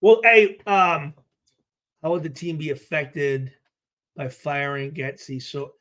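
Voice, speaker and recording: Profane laughing man on a slow livestream. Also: on the high side, fairly even intonation, fairly bright tone. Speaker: livestream host, former player. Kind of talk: casual livestream chat.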